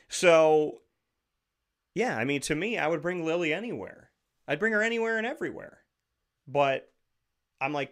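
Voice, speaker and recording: A man's voice: fairly high pitch, normal speed, long pauses, a bit bright. A man hosting a show, telling stories in a rambling, digressive, joking way into a studio microphone. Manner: rambling, digressive, jokey storytelling. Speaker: show host. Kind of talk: casual talk-show monologue.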